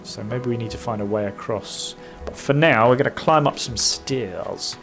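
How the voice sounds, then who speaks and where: A man's voice: medium pitch, normal speed, gravelly, fairly bright tone, soft background music. A man casually commenting on his gameplay in a chatty, self-mocking way, with lots of fillers and bits of humming. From United Kingdom. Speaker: gaming streamer.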